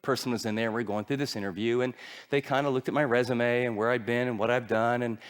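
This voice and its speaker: A man's voice: mid-range voice, fast talker, clear, resonant tone. A middle-aged man preaching a sermon, telling stories animatedly and acting out the voices of the people in them. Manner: animated storytelling with acted-out voices. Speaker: pastor.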